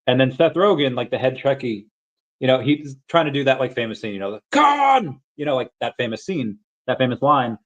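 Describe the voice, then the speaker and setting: Talking a little fast in a medium-pitched voice, this man hosts a crypto livestream where he rambles, restarts, and uses many fillers while reading chat and chatting with viewers. He sometimes bursts into shouted movie-quote impressions, and the audio is dull.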